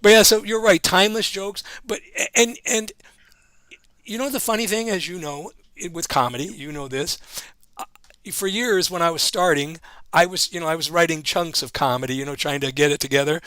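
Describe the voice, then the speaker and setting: High-voiced joking Hawaiian man, dry sound. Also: moderate pace, pushed and bright, no echo. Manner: loose, joking, full of "you know" and laughs. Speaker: stand-up comedian guest. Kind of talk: casual storytelling chat.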